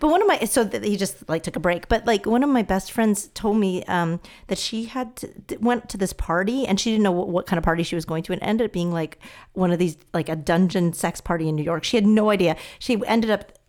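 A woman's voice: medium pitch, a little fast, darkish tone. A woman hosting a casual interview, chatty and laughing easily as she jumps in with comments. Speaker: host.

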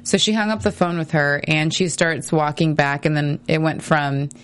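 A chatty woman talking quickly as a podcast co-host, recapping a TV episode and laughing often. Her voice sits a little low for a woman. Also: steady tone, clear, resonant tone. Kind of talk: casual chat recapping a TV episode.

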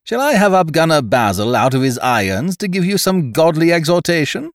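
A man's voice: a little high, sing-song, brisk, no echo, clean studio sound, pitched above the performer's own voice. A man voicing a cheerful, mocking pirate captain who gloats over his beaten rivals. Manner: gloating, blithe, derisive.

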